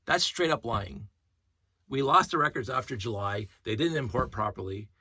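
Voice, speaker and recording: A man vlogging in a casual, rambling storytelling rant, animated and indignant as he retells events. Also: medium pitch, moderate pace, husky, no room sound.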